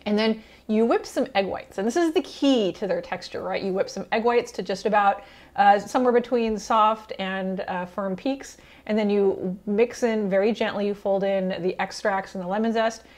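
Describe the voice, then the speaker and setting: A woman's voice: mid-range voice, moderate pace, darkish tone. A woman hosting a cooking channel, talking casually and enthusiastically to camera with chatty fillers and small laughs. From Italian heritage. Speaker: cooking show host.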